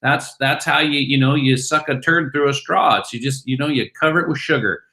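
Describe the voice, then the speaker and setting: A middle-aged man gives an animated interview, pitching his crypto company. He gets excited and acts out little bits of chatter. His voice sits at an ordinary mid pitch. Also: fairly quick.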